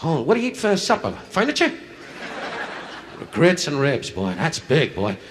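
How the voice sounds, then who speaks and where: A male stand-up comedian doing insult comedy, firing brash, rapid jabs at audience members from a nightclub stage. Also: fairly high pitch, wildly swooping pitch. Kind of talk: insult comedy crowd work. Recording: live club recording, loud laughter, hiss.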